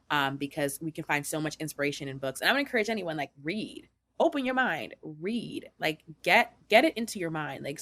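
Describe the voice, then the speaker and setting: A young woman from the Northeastern US hosting a podcast interview, talking in a quick, animated way with many fillers. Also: sits low. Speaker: podcast host. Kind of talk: conversational interview.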